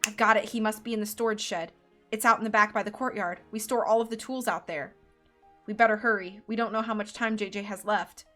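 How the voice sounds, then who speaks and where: Woman reading as brisk, decisive Trudy. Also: medium pitch, fairly even intonation, fairly bright tone, faint music behind, natural voice. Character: quick-thinking young woman hotel worker.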